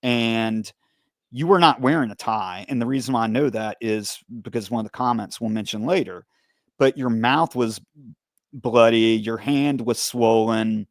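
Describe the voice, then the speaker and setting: A man of middle pitch hosts a podcast with a steady way of talking, asking questions and recounting his side of the events. His voice sits close to the mic with a dry, dead sound. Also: measured pace, no echo. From United States. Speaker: podcast host, former police officer. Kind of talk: interview conversation.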